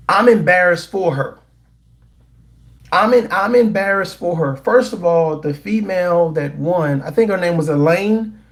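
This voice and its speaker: A man talks straight to his live chat in a high voice. His tone is animated and incredulous. He restarts and repeats phrases as his opinions pile up. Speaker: commentary vlogger.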